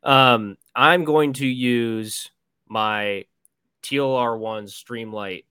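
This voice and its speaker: A man's voice: mid-range voice, very slow, pushed and bright, smooth, no room sound. A man co-hosting a show, chatting casually and easygoing. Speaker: podcast co-host. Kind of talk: casual chat.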